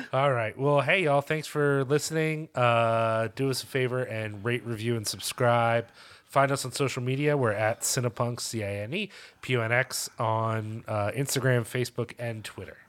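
A man co-hosting a casual film podcast, cursing and laughing as he spins anecdotes with ordinary, mid-range pitch. The recording is dry and close, with little room sound. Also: moderate pace, no echo. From Pennsylvania, US. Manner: animated, swearing, laughing storyteller. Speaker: podcast host.

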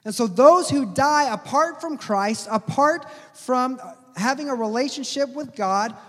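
A man preaching a sermon earnestly, slowing down to stress key words. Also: very high voice. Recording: long hall reverb.

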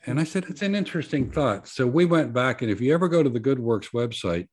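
A man as an interview guest, a nonprofit founder describing how he started his work in an earnest, measured storytelling manner with quoted dialogue. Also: mid-range voice, lively intonation, darkish tone.

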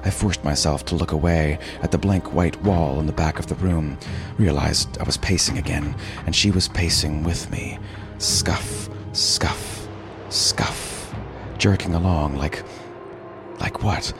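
A man reading a first-person story aloud in a measured, deliberate way. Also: very deep voice. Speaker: story narrator. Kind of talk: scripted first-person narration. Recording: music behind the voice.

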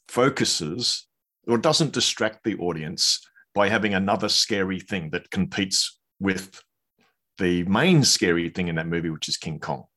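A man's voice: sits low, a bit bright. A man co-hosting a podcast, chatting in a dry, teasing way. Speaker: podcast co-host. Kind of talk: casual chat.

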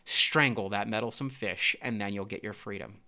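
A man voicing a scheming, greedy pelican in a storybook reading, speaking slowly and slyly. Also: lowish voice, bright, forceful tone, pitched below the performer's own voice. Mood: gloating.

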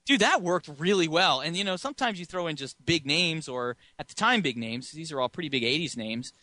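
A man's voice: on the high side, expressive, a little fast, pushed and bright, no room sound. A man co-hosting a podcast, rambling through casual movie chat and chuckling often. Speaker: podcast co-host.

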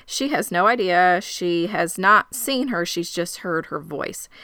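A woman co-hosting a podcast, retelling a scene in lively casual storytelling. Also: lowish voice, unhurried, no echo, studio quality. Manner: animated storytelling, quoting characters. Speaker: podcast co-host. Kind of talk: casual recap chat.

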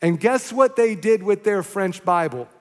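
A man's voice: high-pitched, lively intonation, a little slow, long reverb tail. A man preaching a sermon, telling a story animatedly, acting out the quotes and restarting his sentences often. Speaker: pastor.

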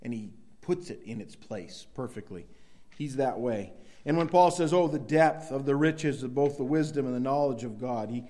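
A man's voice: mid-range voice, expressive, moderate pace, mellow. Man preaching in a conversational, emphatic way. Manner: conversational preaching with many restarts, rising to emphatic bursts. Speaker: pastor. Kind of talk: sermon.

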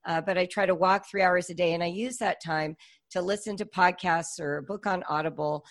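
A woman's voice: on the low side, steady tone, brisk. A middle-aged woman, a guest author on a podcast, speaking thoughtfully and telling stories expressively. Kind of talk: podcast interview.

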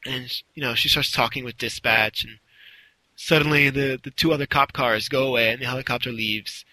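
A man's voice: medium pitch, steady tone, fairly quick, pushed and bright, slight background noise, rough recording. A man casually telling a long story, rambling a little and acting out the quotes. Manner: rambling, with restarts and acted-out quotes.

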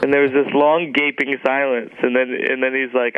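A man with a wry, earnest storytelling manner, dropping jokes with a deadpan touch. His voice sits mid-range. The sound is dry and close, a bit dull and lo-fi. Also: mid-range voice, normal speed, hardly any pauses, smooth, dry recording. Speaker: storyteller reading a personal tribute. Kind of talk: comedic personal storytelling.

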